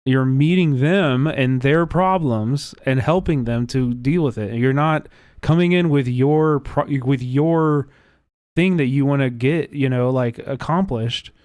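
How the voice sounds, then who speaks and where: A man hosting a livestream, talking casually in an animated, profane, rambling way with many restarts. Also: mid-range voice, a little slow, dry recording, studio quality. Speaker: livestream host. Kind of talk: casual reaction chat.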